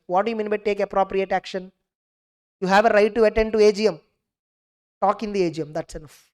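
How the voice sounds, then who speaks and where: A young woman giving an animated exam revision lecture, acting out both sides of each case and checking her class with "clear?". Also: medium pitch, quick pace, long pauses. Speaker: teacher.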